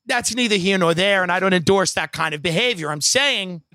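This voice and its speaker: A man's voice: high voice, brisk, sharp tone, no echo, clean studio sound. A man doing stand-up, telling a rambling story in a wry, profane way with many asides. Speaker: comedian.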